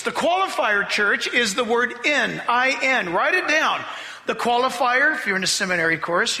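A man's voice: extremely high pitch, bright, forceful tone, long reverb tail. A male pastor preaching an emphatic sermon and reading scripture aloud. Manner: emphatic preaching, spells out key words, acts out quoted voices.

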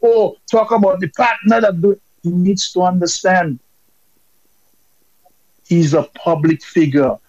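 A man's voice: high voice, steady tone, unhurried, long pauses, darkish tone, no echo, lo-fi sound. A man from Dominica calling in with impassioned, emphatic political commentary.

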